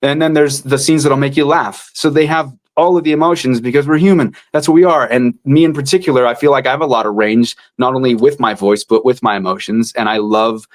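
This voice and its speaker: Man, audiobook narrator, casual interview talk, animated, mid pitch. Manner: animated, drops into quick character voices.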